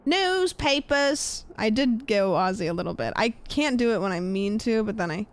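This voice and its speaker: A young woman streamer chatting casually while gaming, rambling with lots of fillers and trailing off quietly. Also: medium pitch, brisk.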